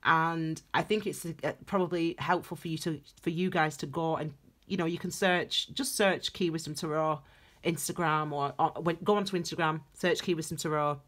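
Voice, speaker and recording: A woman's voice: deep voice, fairly even intonation, moderate pace, a bit bright. A woman giving a casual, rambling tarot reading, talking earnestly and directly to her viewers. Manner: rambling, earnest, talks straight to viewers, gets tearful. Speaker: tarot reader.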